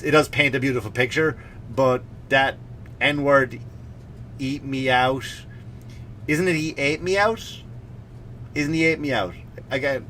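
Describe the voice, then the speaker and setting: A man's voice: mid-range voice, sharp tone, a little hiss or hum. A male comedian hosting his podcast, ranting with sarcastic, mock-serious asides. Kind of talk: comedic rant.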